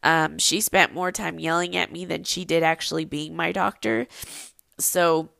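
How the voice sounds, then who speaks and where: Chatty young woman with a gravelly low voice. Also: steady tone, measured pace, fairly bright tone, no room sound. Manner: chatty, rambling with many ums and likes. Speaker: podcast host. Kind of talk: casual personal podcast storytelling.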